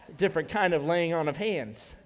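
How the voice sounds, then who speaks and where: A male pastor with a high voice preaches a conversational sermon. He talks to the congregation casually and slips humorous asides between points. His words ring out with a long reverb through the church sanctuary. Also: fairly quick.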